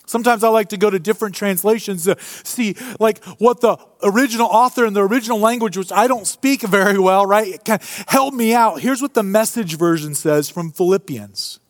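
A male pastor preaching a sermon to a live congregation, animated and humorous in a conversational way. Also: high-pitched, no room sound, studio quality. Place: church before a live congregation.

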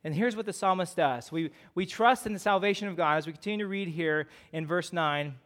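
Here a pastor with a Midwestern American accent preaches conversationally, often asking rhetorical questions and using fillers. His high voice is a bit bright and fairly quick.

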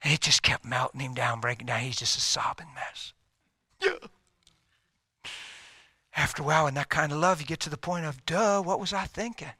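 A middle-aged man preaching a sermon, telling a story and swinging from loud, emphatic lines to hushed whispers. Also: mid-range voice, steady tone, quick pace, hardly any pauses, husky, no echo, studio quality.

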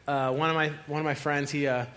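A young pastor preaches a sermon as casual storytelling, laughing often and acting out the voices of the people in his stories. His voice is a little high, level and brisk, with a fairly bright tone.

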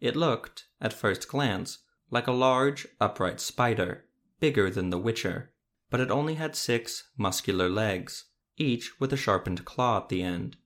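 Low-voiced man reading a fantasy story. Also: lively intonation, measured pace, a bit bright. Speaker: narrator.

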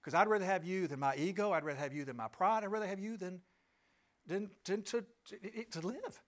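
A man's voice: high voice, fairly quick. A middle-aged man telling a personal story to an audience, emphatic and asking listeners rhetorical questions. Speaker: speaker addressing an audience.

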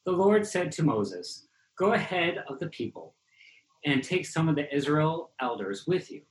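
A woman's voice: deep voice, big pitch swings, measured pace. Woman reading scripture in an echoey room. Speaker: scripture reader.

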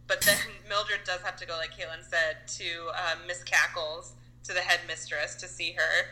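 A woman's voice: on the low side, flat delivery, normal speed, pushed and bright, rough recording. A woman co-hosting a casual film review chat, recounting scenes in a chatty, filler-heavy way. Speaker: podcast co-host reviewing a film.

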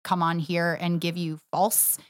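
A chatty woman co-hosting a church podcast in a relaxed, conversational way. She laughs easily and backs up her partner with emphatic agreement, heard close and dry with no room sound. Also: on the low side, measured pace, no room sound. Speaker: podcast co-host, church next steps director. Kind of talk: casual chat.

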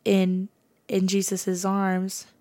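A woman's voice: mid-range voice, completely flat delivery, drawn-out words, a little mellow. A woman hosting a podcast, sharing a personal faith testimony in a casual, earnest way, often saying "like". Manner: casual, earnest, fills speech with "like". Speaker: podcast host.

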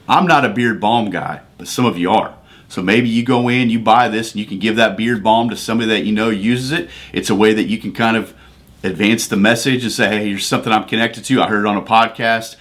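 A man's voice: on the low side, a little fast, a bit bright, no echo. A man hosting a devotional podcast. He talks conversationally and builds into emphatic, preacherly bursts. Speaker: podcast host.

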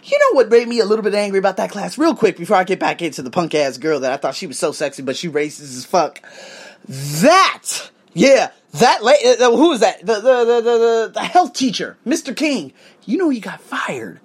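A man's voice: high-pitched, normal speed, husky. A man in his thirties from Las Vegas, hosting a podcast alone and telling a profane, rambling story with plenty of asides while sipping cognac. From Las Vegas, United States. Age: 30s. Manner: animated, profane, drifts off into asides. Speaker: podcast host. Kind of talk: casual storytelling monologue.

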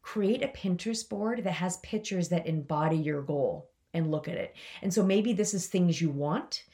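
Chatty, lower-voiced woman podcast host. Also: normal speed, mellow. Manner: enthusiastic, chatty, direct address to listeners. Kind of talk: motivational podcast talk.

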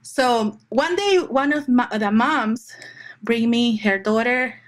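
Brief: middle-aged woman, higher-pitched voice, animated storyteller, photographer in a chatty interview. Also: takes it slowly. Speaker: fine art children's photographer. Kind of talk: conversational interview.

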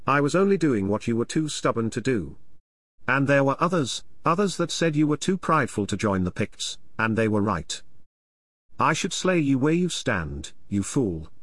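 A stern, stubborn chieftain, as a narrator puts him on, speaking coldly and bitterly in an audiobook. His lively voice stays close and dry. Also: moderate pace, no room sound. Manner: bitter, cold, low. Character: stern, stubborn older male chieftain and father.

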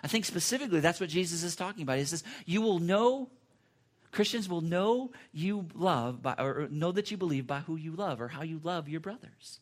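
Man preaching a sermon, slightly high voice. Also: animated, a little fast. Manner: earnest, conversational preaching with repetitions and restarts. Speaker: pastor.

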